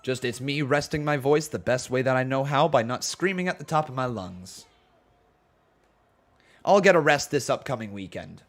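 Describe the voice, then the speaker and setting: A man's voice: mid-range voice, moderate pace. A man hosting a casual live stream, calling old wrestling matches and reading chat aloud, his voice a little sore and tired. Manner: laid-back play-by-play, reads chat aloud, jumps to hyped shouting. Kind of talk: casual wrestling watch-along commentary.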